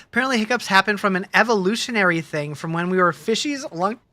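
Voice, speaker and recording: A game streamer talking into a home desk mic on a live stream, fighting a case of hiccups. The voice is bright and sharp, chatty and loose, stopping and restarting sentences while answering chat. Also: medium pitch, fast talker, a little hiss or hum. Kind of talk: casual live-stream chat, reading viewer comments.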